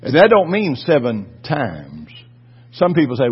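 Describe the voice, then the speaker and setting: Male pastor, fiery sermon, lively husky voice, muffled lo-fi recording. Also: medium pitch, measured pace. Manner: fervent, swings from quiet to shouting.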